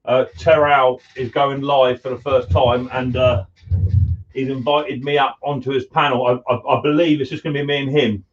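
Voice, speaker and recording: A man's voice: mid-range voice, level tone, normal speed, distant mic, highs cut off. A man chatting casually to viewers on a live stream while he works, greeting them as mate and buddy. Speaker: live-stream host, mower repairer. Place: home workshop.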